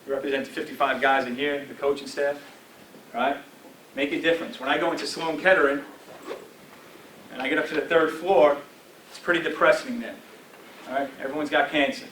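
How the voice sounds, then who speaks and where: A guest speaker in his forties gives a football team a motivational talk in their meeting room, using a direct coaching tone peppered with "all right?" and "right?". His voice is a little high for a man, steady, brisk, and a bit bright, with long pauses. Recorded from afar, it echoes around the roomy space over a faint background hum.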